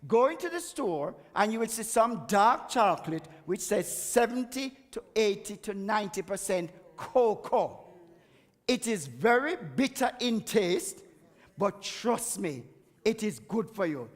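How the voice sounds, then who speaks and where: A man's voice: high voice, big pitch swings, measured pace. A man giving a chatty, emphatic health talk at a church and laughing at himself now and then. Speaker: guest speaker on health. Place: church hall. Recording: echoey church hall.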